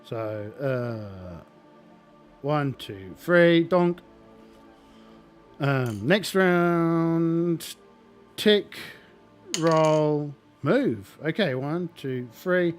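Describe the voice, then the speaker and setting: A man's voice: a little high, drawn-out words, long pauses, soft background music. Hesitant man muttering dice rolls. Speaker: solo tabletop player. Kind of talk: narrating a solo tabletop game.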